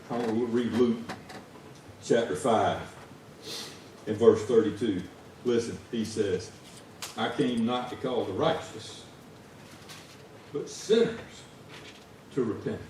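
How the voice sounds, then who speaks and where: A man with a Southern US accent preaches as a lay preacher in a fairly low voice, a little slowly and with long pauses. His sermon is folksy and conversational, rising to shouts in stories. The recording is echoey and distant, with slight background noise, in a church sanctuary.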